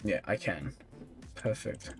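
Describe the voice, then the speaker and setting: A man's voice: takes it slowly, faint music behind. Tired, chatty male streamer. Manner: relaxed, chatty, reads and answers chat comments with small laughs. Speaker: streamer reviewing viewers' game accounts. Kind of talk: casual live-stream chat.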